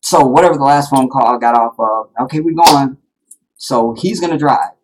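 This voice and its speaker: A man's voice: mid-range voice, moderate pace, background noise. A man hosting a live stream, telling a personal story to his viewers in a rambling, heartfelt way, full of fillers. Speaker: live-streaming channel host.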